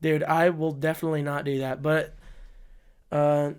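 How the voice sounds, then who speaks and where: A young man co-hosting a podcast, telling a story in casual chat, profane and excitable, laughing often. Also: fairly high pitch, normal speed, smooth. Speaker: podcast co-host.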